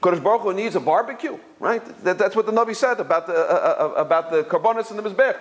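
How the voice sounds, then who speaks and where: A man's voice: quick pace, few pauses. A man giving an informal religious lesson, telling stories and often repeating words as he searches for his phrasing. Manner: storytelling, jumps higher when quoting others. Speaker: Torah teacher.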